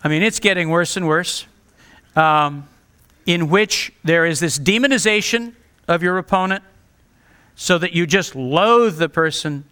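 Male pastor, sermon delivery, earnest and direct, bright forceful tone. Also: fairly high pitch, unhurried, clear, resonant tone. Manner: earnest and direct, pleading with listeners.

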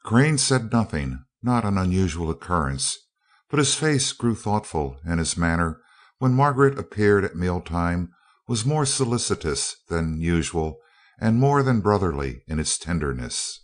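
A male narrator reading a novel aloud as an audiobook. His voice is very deep and low, and he tells the story at a steady, even pace. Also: a little slow. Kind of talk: scripted narration.

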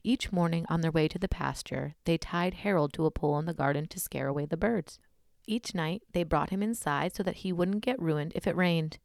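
Woman host, fry-heavy lowish voice, casual scary-story read, dry close mic. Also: a little fast, darkish tone, no room sound. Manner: casual and blunt, swears in asides. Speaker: podcast host.

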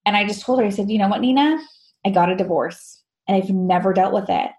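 A woman's voice: mid-range voice, fast. A woman guest telling her personal story candidly, laughing often and acting out the dialogue. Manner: animated, laughs often, acts out quoted dialogue.

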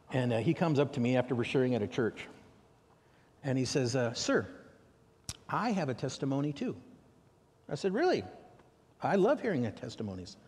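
An American man preaching, telling a story with animated quoted dialogue. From United States. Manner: animated, acts out dialogue with raised pitch for questions. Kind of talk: sermon storytelling. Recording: long reverb of a large hall.

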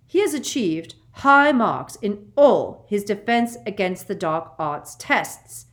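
A woman voicing a stern older female professor in an audiobook, speaking crisply, curtly and a little haughtily. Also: medium pitch, animated, takes it slowly, voice pushed up. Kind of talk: audiobook character voice.

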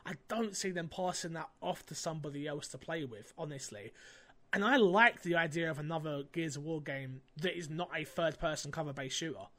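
A man's voice: on the high side, fairly quick. A man hosting a podcast in casual chat, telling stories with lots of fillers. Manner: animated storytelling, lots of fillers. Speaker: podcast host.

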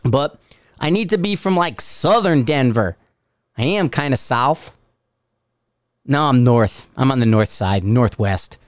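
A man's voice: mid-range voice, lively intonation, unhurried, long pauses, dry recording, studio quality. A middle-aged man from Connecticut with a Northeastern US accent, hosting a podcast in a profane, sarcastic, rambling rant. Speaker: podcast host. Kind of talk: ranting podcast monologue.

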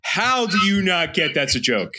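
Loud philly guy cohosting a podcast, swears a lot, bright voice that jumps all over. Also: sits high, sing-song, moderate pace. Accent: Philadelphia. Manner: loud, profane, ranting. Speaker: podcast co-host; teacher. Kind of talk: casual chat.

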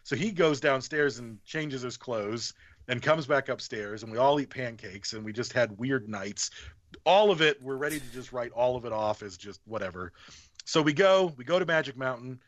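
Casual and animated, a podcast guest with a mid-range voice tells a story at a moderate pace, cursing liberally and reenacting other people's lines. The podcast sound is slightly muffled, with no echo.

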